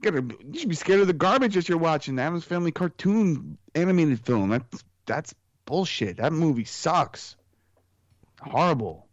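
A man in casual podcast chat, spinning animated stories and mimicking the people in them. His voice sits dry and close, with a dull, slightly muffled tone. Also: on the high side, moderate pace, no room sound.

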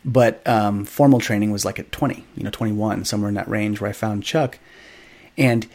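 A man in his thirties, a podcast guest, telling a story in a casual, animated way, acting out quoted dialogue with many fillers. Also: on the low side, normal speed.

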